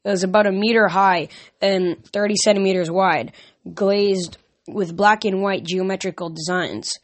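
A woman's voice: medium pitch, normal speed. Woman reading a novel aloud. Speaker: audiobook reader. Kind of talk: first-person novel narration.

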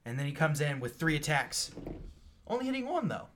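Lively, bright-voiced man running the game. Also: on the high side, fairly quick, slight background noise. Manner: animated, swearing, playful narration. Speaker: game master.

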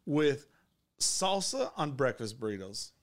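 A man co-hosting a laid-back podcast, pitched a little high with a lively, swinging delivery. He jokes constantly and breaks into laughter between lines. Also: a little fast. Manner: laughs often, jokey and self-promoting. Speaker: podcast co-host. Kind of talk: casual chat.

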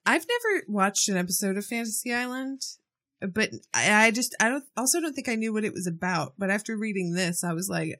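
Lively-voiced woman co-hosting a chat. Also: medium pitch, brisk. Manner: laughs easily, wry asides while reading. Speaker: podcast co-host. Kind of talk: casual chat, reading news aloud.

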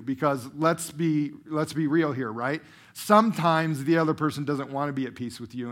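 A middle-aged man preaching a sermon to a congregation, swinging from loud emphatic bursts to quiet drawn-out phrases. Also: fairly high pitch. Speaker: pastor. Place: church room before a congregation.

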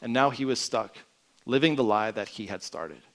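A man's voice: medium pitch, normal speed. Earnest male pastor preaching. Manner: earnest, drops to quiet emphasis at phrase ends. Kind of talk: sermon.

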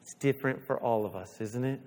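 A man preaching a sermon as pastor, animated, slipping into little voices, then easing into a quiet prayer. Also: mid-range voice, fairly quick. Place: church sanctuary. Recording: long church reverb.

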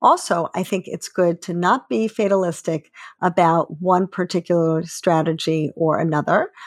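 A woman hosting a podcast, explaining calmly and encouragingly with everyday examples. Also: lowish voice, dry recording, clean studio sound. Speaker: podcast host and author.

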